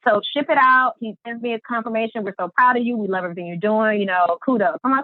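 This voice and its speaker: A woman guest on a podcast, telling her story in an animated way and acting out the quotes. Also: medium pitch, fast, dry recording. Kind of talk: storytelling interview. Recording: tinny phone-line sound.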